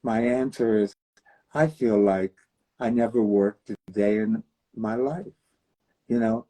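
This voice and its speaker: An older man hosting a show, talking to viewers in a slow, rambling, fond way. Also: on the low side, warm tone, husky, low-quality recording. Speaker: host. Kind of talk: casual chat to viewers.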